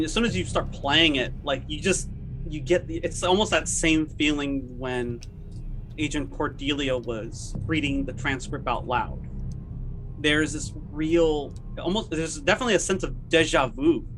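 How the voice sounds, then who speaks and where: A man running a tabletop game as game master, narrating in a loose, halting way with many restarts, over background music. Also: fairly high pitch, noisy background.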